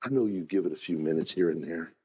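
A man preaching a sermon as pastor, folksy in his wording, moving from hushed storytelling to shouted, rising preaching. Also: deep voice, fast talker, breathy edge. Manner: folksy, says "ain't" and "gotta".

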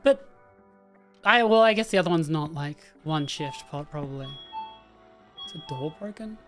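Her voice is deep, her intonation lively and her pace moderate as this gaming streamer comments casually on a horror game. She talks to the characters on screen and reasons aloud, with soft game music in the background.

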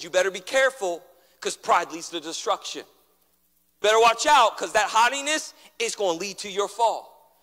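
A man preaching a sermon as pastor, building through repeated refrains and dropping suddenly to a hush. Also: sits high, in a large hall.

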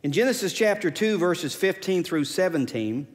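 Lively-voiced man preaching in a hall. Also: high voice, normal speed. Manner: emphatic preaching, repeating key phrases. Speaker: pastor. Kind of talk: sermon. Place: church sanctuary.

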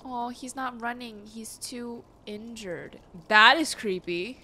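A woman's voice: on the high side, slow, sharp tone, slight background noise. A young woman hosting a gaming channel, reacting to the game as she plays, easily startled, talking to the game and her chat with gasps and exclamations. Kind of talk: casual let's-play commentary.

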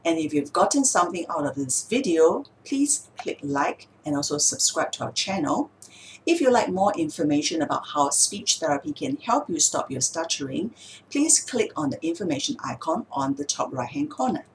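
A woman's voice: low-pitched, sing-song, moderate pace, slight background noise, low-quality recording. A woman speech therapist explaining techniques to viewers patiently, step by step with examples. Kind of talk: explanatory video talk.

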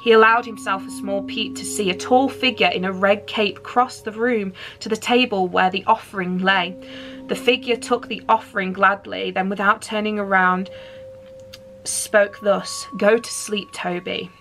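A woman's voice: mid-range voice, fairly even intonation, moderate pace, fairly bright tone, soft background music. Playful woman reading a Christmas story. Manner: playful, chatty asides. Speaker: storyteller, channel host.

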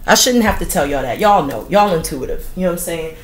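A woman's voice: lowish voice, animated, fast talker. A woman giving a casual, profane astrology reading to her viewers, full of slang and frequent laughter. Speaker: tarot reader.

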